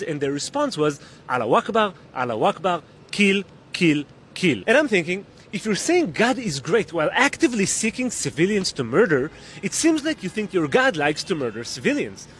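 Lively high-voiced man, emphatic monologue. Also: brisk, a little hiss or hum. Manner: emphatic, rhetorical questions. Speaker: video creator. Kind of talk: scripted opinion monologue.

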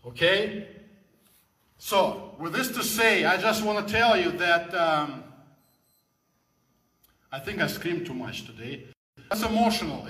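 A fervent man delivers a preaching speech in broken English. His voice is high and bright. The recording rings with a long hall echo. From former Soviet Union. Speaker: guest speaker. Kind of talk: impassioned speech.

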